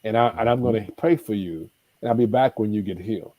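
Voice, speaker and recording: A man's voice: lowish voice, quick pace, no echo, narrow, tinny audio. A man, a life coach, telling stories with emphatic repetition and acted-out dialogue in a preacherly manner. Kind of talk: animated storytelling advice.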